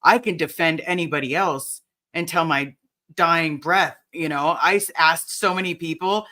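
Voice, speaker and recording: Supportive woman host with a bright, forward voice, casual and halting. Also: deep voice. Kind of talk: casual podcast chat.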